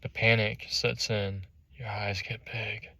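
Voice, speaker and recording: A man with a low voice tells a motivational story aimed straight at the listener. He acts out each scene with animation. The sound is close and dry. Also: level tone, slow pace, creaky, sharp tone, no echo. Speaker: motivational speaker. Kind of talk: motivational storytelling in second person.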